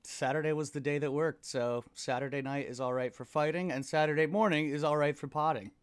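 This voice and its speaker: An American man co-hosting a comedy podcast. His voice sits a bit high and smooth, roughened by some morning gravel. He sounds easygoing and laughs readily. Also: steady tone, fairly quick. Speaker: podcast co-host. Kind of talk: casual comedy podcast chat.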